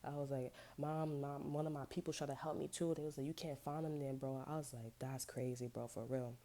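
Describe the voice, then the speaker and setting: A woman with a deep, low voice tells a storytime rant to her viewers. Her tone is dark and mellow. She rambles loosely, swearing and dropping street slang as she goes. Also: fairly even intonation, fairly quick. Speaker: vlogger.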